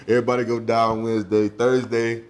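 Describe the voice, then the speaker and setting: A young man, a high school football recruit, talking casually in an interview, laid-back and quick to laugh. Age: young adult. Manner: relaxed, laughs easily, drawling slang.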